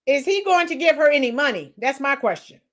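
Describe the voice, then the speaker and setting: A woman talking casually on a live stream, her voice a little high for a woman. She reacts to clips with sarcasm and mockery and keeps calling out to her chat. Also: animated, brisk. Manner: sarcastic, mocking, chatty with viewers.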